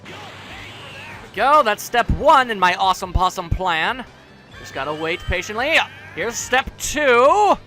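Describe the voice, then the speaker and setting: A man's voice: sits high, sing-song, unhurried, sharp tone. A man hosting a let's play, commentating with goofy jokes and taunting the enemy. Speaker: gaming channel host. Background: faint game music.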